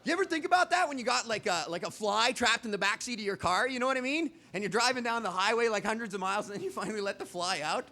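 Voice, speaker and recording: A man's voice: sits high, animated, fast talker, few pauses, sharp tone, slight background noise. A man doing stand-up comedy on stage, rambling conversationally with the audience. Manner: rambling, conversational, putting on little voices for bugs. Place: stage in front of a live audience.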